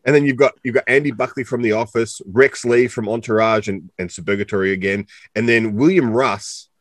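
An Australian man co-hosting a relaxed interview, talking in a loose, rambling, joking way with plenty of "uh"s. His voice sits at an ordinary middle pitch. It is recorded close and dead dry, with no room sound. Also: fairly quick, dry recording. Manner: chatty and joking, rambling with many fillers. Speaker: co-host interviewer. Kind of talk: casual interview chat.

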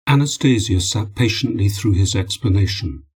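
A man narrating an audiobook in a steady, measured reading. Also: on the low side, breathy edge, rough recording.

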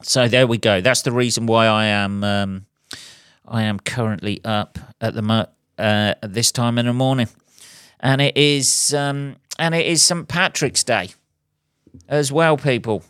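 Solo podcast host, man, smooth clear voice, dry close sound, sweary and wry. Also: mid-range voice, measured pace, a bit bright, dry recording. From England. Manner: profane, wry, chuckling asides. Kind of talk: rambling solo podcast monologue.

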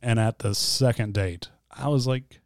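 A man's voice: medium pitch, a little slow, no room sound, studio quality. A man in his thirties, co-hosting a podcast and telling candid, self-mocking stories about his life in casual chat. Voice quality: voice turns gravelly when whispering. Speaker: podcast co-host and guest.

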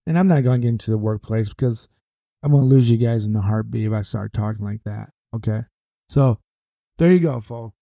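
Male podcast host with a dark, mellow voice and a dry close mic, rambling sports talk and a bit out of breath. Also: fairly low pitch, brisk, vocal fry, no echo. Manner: rambling, repeats phrases for emphasis. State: short of breath. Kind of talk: casual sports commentary monologue.

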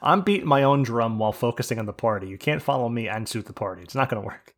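Man, mid-pitched, loose storytelling, acts out the other players. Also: expressive, fast. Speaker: group leader discussing a game. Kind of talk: casual podcast chat.

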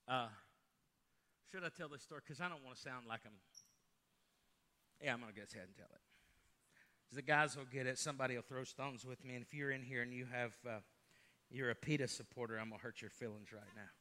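A middle-aged pastor, preaching a sermon, moving from loud emphatic lines to hushed storytelling. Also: male voice, medium pitch, steady tone, quick pace.

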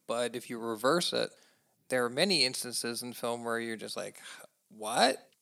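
Gravelly-voiced American man chatting. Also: mid-range voice, normal speed, sharp tone. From United States. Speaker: podcast co-host. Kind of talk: casual movie chat.

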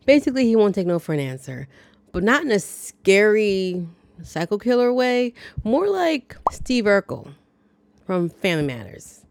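A woman's voice: mid-range voice, big pitch swings, normal speed, vocal fry, darkish tone, no room sound. A woman podcast host giving a chatty, wry, dryly joking casual recap of a movie. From lives in the American South.

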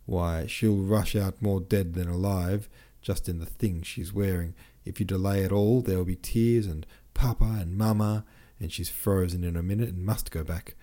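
A man's voice: deep voice, fairly even intonation, moderate pace, hardly any pauses, mellow, natural voice. A man voicing a brash young officer who plots an elopement, talking in a boisterous, commanding way. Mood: scheming.

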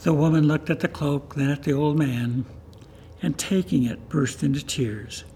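A man reads a story aloud for a church service in a steady, plain way. His voice sits somewhat high for a man. A faint hiss of noise runs beneath. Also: moderate pace.

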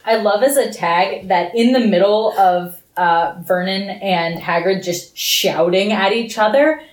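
A woman's voice: medium pitch, measured pace. A woman co-hosting a book podcast, talking earnestly and with emphasis in casual chat. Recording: roomy echo.

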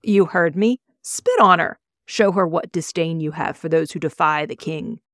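A cruel young prince proclaims from a dragon's back in a storybook reading, voiced by a woman. He speaks in a commanding, declaiming way, his voice pitched low. The sound is dry and close. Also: fairly even intonation, moderate pace, no room sound. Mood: contemptuous. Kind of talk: audiobook reading.

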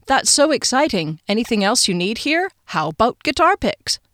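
A woman's voice: fairly high pitch, very animated, normal speed, a bit bright, no room sound, clean studio sound, pitched above the performer's own voice. A woman voicing a male music shopkeeper who speaks in clipped, stilted phrases.

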